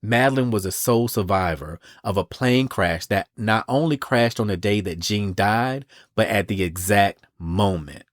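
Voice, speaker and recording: A man hosting a podcast, recapping a comic book in an animated, casual way with the odd swear word. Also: on the low side, normal speed, hardly any pauses, no room sound, studio quality. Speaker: podcast host.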